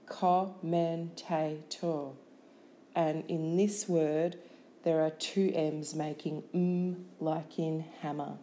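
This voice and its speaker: A woman's voice: low voice, dark tone, a little hiss or hum. A woman teaching a spelling lesson, carefully sounding out words one by one. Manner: careful, clearly enunciated, breaking words into sounds and syllables. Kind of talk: slow, deliberate spelling lesson.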